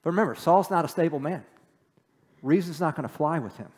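A man's voice: on the high side, lively intonation, a little fast, a little mellow, breathy edge, big-room sound. A man preaching a sermon who reads scripture aloud and then explains it in a casual, conversational way. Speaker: pastor. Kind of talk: sermon, Bible teaching.

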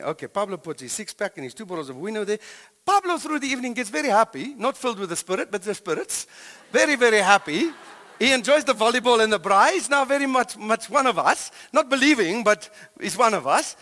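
A middle-aged man with a South African accent, preaching a sermon as a pastor in animated storytelling, swinging between loud and hushed. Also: high-pitched, brisk, long reverb tail.

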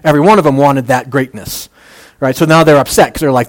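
A man's voice: a little high, brisk. A man preaching a casual, conversational sermon, making jokey asides and using plenty of fillers. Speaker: pastor.

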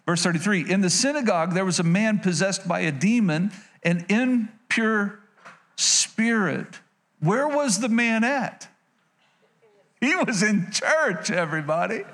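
High-voiced man preaching a lively sermon. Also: a little slow. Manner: energetic preaching with playful asides, calls out to the congregation. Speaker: pastor.

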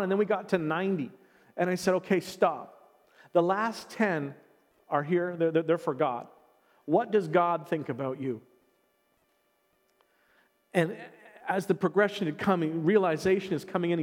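A man's voice: sits high, in a large hall. A man preaching a sermon, telling a personal story with earnest, emotional delivery and frequent restarts. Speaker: pastor.

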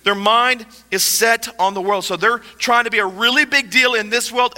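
High, bright-voiced man preaching in a hall. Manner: impassioned, shifts between soft and emphatic. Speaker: pastor. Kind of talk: sermon.

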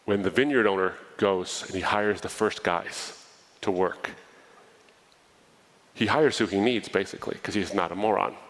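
A man's voice: sits low, normal speed, long pauses, poor audio. A man preaching a sermon, reading a parable aloud and breaking off into casual asides to explain it. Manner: animated storytelling, reading scripture with asides.

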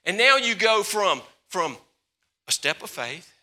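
A man preaching a sermon as pastor, swinging between loud, passionate stretches and hushed, slower ones. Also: high-pitched, sing-song.

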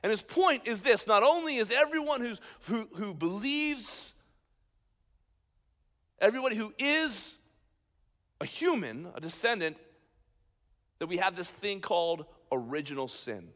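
A man, a pastor, preaching a sermon with animated emphasis, swinging between loud points and quiet asides. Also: high-pitched, unhurried, long pauses. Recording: long hall reverb.

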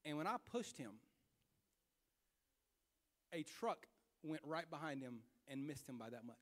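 Animated young man preaching a story. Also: on the high side, unhurried, long reverb tail. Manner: animated, swings from hushed self-scolding to loud retelling. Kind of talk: sermon storytelling.

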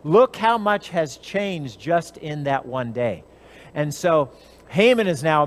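A man with a notably high voice preaches in a relaxed, conversational way. He retells scripture with animation, slipping briefly into the characters' voices as he goes. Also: unhurried. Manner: animated storytelling, briefly acting out characters' lines. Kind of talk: conversational Bible teaching.

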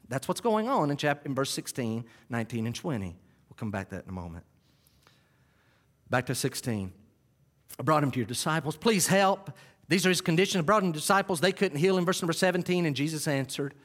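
A man preaching a sermon, animated, swinging between quiet asides and loud climaxes. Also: a little high, fairly quick, in a large hall. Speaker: pastor.

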